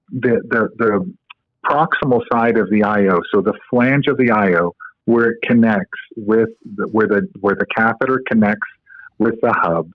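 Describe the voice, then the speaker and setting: A man's voice: fairly low pitch, no echo. Man talking over a tinny phone line. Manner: instructive storyteller, explains step by step with fillers. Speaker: guest, co-inventor of a medical device. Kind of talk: podcast interview.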